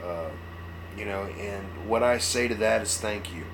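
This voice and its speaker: Here the model-building streamer from Mississippi keeps a measured pace, his voice on the lower side, with background noise in the recording. He's hungover and rambles through casual stream chat, folksy and ready to laugh at himself.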